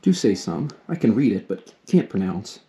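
A man voicing a lively, frank teenage girl, eager and a little awkward, as he reads a storybook aloud. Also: on the low side, normal speed.

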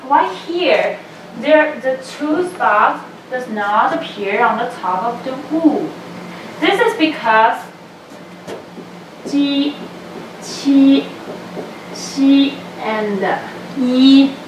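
Patient female teacher, unhurried, recorded from afar in a reverberant classroom with faint noise. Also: sits high, animated, a bit bright. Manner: patient, explains step by step and models sounds. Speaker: Chinese language teacher. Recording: echoey room from a distance, faint noise.

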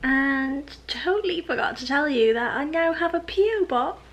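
A woman's voice: high-pitched, normal speed, a bit bright. Chatty young woman vlogging. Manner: chatty, giggly, rambling with asides. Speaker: lifestyle vlogger. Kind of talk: casual chatty haul vlog. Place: home living room, on the sofa.

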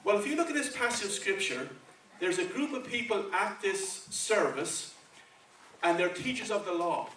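A man's voice: high voice, lively intonation, moderate pace, fairly bright tone, a little hiss or hum. A man with a Spanish accent preaching a sermon in a conversational way, often checking in with the congregation with "okay" and "right". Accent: Spanish-accented English. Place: church sanctuary. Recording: echoey church, from far off.

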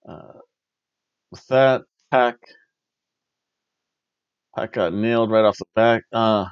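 A man hosting a wrestling review podcast, recapping a show in casual chat and slipping into quick mimicry of wrestlers. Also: fairly low pitch, clean tone, no room sound, highs cut off. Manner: animated, mimics wrestlers and announcers in quick asides.

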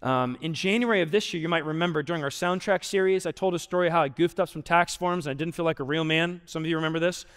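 A young adult male pastor giving an earnest, conversational sermon that drops quiet for emphasis. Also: a little high, fast, few pauses, smooth. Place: large church auditorium. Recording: long hall reverb.

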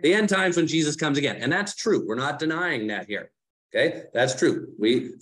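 A man leads a Bible study in a loose, conversational teaching voice of middle pitch. He asks his listeners questions and corrects himself while he explains. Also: expressive, brisk, fairly bright tone. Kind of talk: casual teaching talk.

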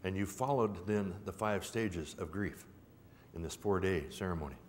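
A man giving a public talk in a folksy, gently humorous way, with a rhythmic, repetitive storytelling cadence. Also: sits low, normal speed. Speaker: symposium speaker. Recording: reverberant hall with faint background noise.

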